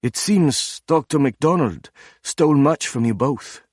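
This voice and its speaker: A man voicing a composed young male academic doctor with a soft German accent, polite and formal. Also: fairly high pitch, expressive, a little slow, no echo, clean studio sound, voice pushed up. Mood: smooth. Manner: polite, formal, smoothly unruffled.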